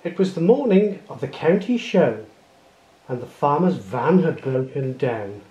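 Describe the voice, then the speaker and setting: A man reading a children's picture book aloud with expressive storytelling, in a roomy, echoing recording. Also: mid-range voice, measured pace, lo-fi sound. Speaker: storybook reader. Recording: roomy echo.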